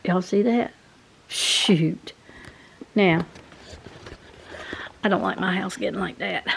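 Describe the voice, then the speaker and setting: A woman's voice: mid-range voice, vocal fry, a little hiss or hum. A woman, rambling casually to her viewers in a home vlog. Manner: chatty, rambling, talks to viewers directly. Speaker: vlogger. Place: home, indoors.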